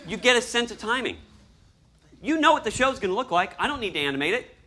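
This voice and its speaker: Animated man acting out his stories. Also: high voice, quick pace. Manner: animated, acts out scenes and voices. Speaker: storyboard artist giving a talk. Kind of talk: lively presentation to an audience.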